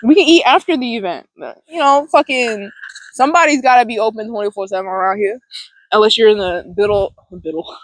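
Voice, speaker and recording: Woman, high voice, dry close sound, casual self-help vlog, blunt and profane, rambling. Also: no room sound, rough recording. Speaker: vlogger. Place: outdoors near a large tree. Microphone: phone or camera recording herself.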